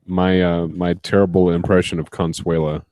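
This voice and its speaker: Dark-voiced joking podcast host. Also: male voice, sits low, little pitch movement, moderate pace. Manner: playful, teasing, jokey. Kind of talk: casual podcast banter.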